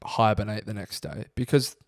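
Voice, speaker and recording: A young man with an Australian accent, co-hosting a podcast and telling stories in a relaxed, casual way. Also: fairly low pitch, moderate pace, no echo, clean studio sound. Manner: laid-back storytelling, swearing freely. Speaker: podcast co-host. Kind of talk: casual chat.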